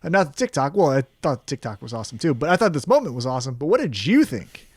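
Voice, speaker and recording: A man's voice: a little high, fast talker, husky, no echo. A man co-hosting a casual wrestling review podcast, swearing freely and acting out quotes in a raised voice. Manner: profane, animated, acts out quotes in raised voice. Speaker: podcast co-host.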